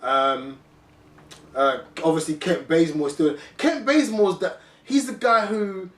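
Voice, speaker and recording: Man, casual sports chat, chatty, slightly high voice, distant mic. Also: a little slow. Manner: chatty, keeps saying "you know what I mean". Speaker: podcast host. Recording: echoey room, mic at a distance.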